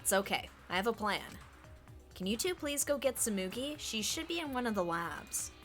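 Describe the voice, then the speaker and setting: A woman streamer reads a game's dialogue aloud with dramatic flair, joking and laughing along. Her fairly high, a bit bright voice has lively intonation and a moderate pace, with faint music in the background.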